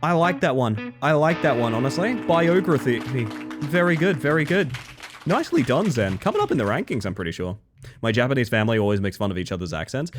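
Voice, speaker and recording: A young man chatting casually and playfully with his audience during a game stream, joking about himself and laughing often. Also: on the low side. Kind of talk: casual gaming stream chat.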